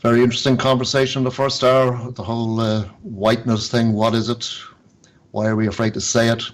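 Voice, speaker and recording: Male interview host, relaxed, medium pitch. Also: brisk. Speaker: radio show host. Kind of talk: casual interview hosting.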